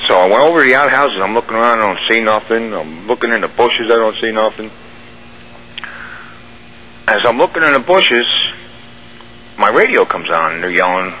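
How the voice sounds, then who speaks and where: Man, fairly low pitch, bright forceful tone, rambling storyteller, radio guest. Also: expressive, a little fast, pauses often, a little hiss or hum, poor audio. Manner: rambling, vivid storytelling with restarts. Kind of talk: recounting a personal experience.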